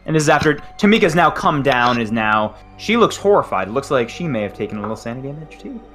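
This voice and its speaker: A man running a tabletop game who narrates the scene with a bright, forceful tone. He hesitates often and fills pauses with ums as he sets up each moment. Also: medium pitch, sing-song, soft background music. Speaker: game master.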